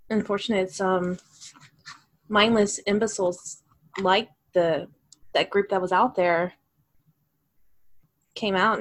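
A woman's voice: medium pitch, natural voice, poor audio. A woman voicing an awkward, curt woman adventurer in a tabletop game, speaking in a clipped, faintly haughty way.

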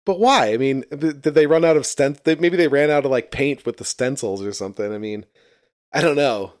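A man's voice: medium pitch, fairly quick, no room sound, studio quality. Mocking man in casual crude chat. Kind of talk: casual chat reviewing a TV episode.

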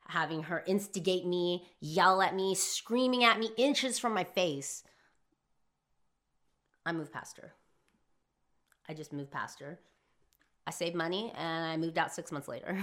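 Low-voiced woman telling a heated personal story. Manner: emphatic, profane, swings from hushed to shouting. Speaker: philosophy vlogger.

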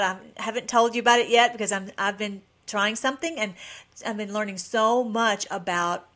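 A woman's voice: mid-range voice, a bit bright. A woman talking to her channel's viewers in a loose, eager ramble. She doubles back and restarts her sentences often and speaks in a middling voice. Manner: enthusiastic, rambling with frequent restarts. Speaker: channel host. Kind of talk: casual vlog chat.

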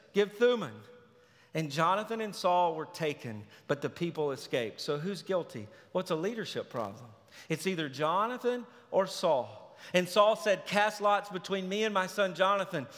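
Animated preacher in a reverberant hall. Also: male voice, sits high. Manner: animated, acts out biblical characters with sarcastic voices. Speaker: pastor. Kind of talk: sermon. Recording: long reverb of a large hall.

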